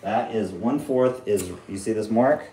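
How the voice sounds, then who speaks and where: A woman's voice: a bass voice, moderate pace, echoey room, very noisy. A woman hosting a casual home cooking vlog in a kitchen, playful and teasing, laughing often while giving step-by-step instructions. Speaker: vlog host cooking with a child.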